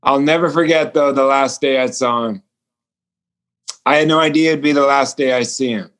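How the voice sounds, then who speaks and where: A man's voice: mid-range voice, moderate pace, fairly bright tone, clear, resonant tone. A male author and speaker telling a personal story as a guest over a remote call, earnest and acting out the dialogue. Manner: earnest, acts out quoted dialogue. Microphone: remote call connection.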